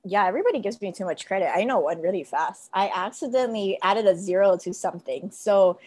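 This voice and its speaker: A woman telling a story with lots of laughter, casual and animated, as a guest shop owner. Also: mid-range voice, quick pace.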